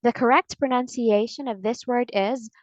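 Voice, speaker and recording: A woman with an American accent teaching English pronunciation in a slow, deliberate lesson, repeating each word for drills. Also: a little high, steady tone, dry recording, lo-fi sound.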